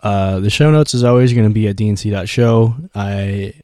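A man with a sick, hoarse voice co-hosting a podcast in casual, rambling chat. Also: fairly low pitch, steady tone, a little fast, mellow, no room sound, clean studio sound. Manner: laid-back, rambling with fillers. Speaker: podcast co-host.

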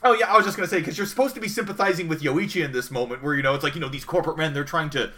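A man's voice: on the high side, rapid-fire, pushed and bright. A man co-hosting a casual review podcast, talking in a rambling, hesitant way with many fillers. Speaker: podcast co-host. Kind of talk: casual anime review chat.

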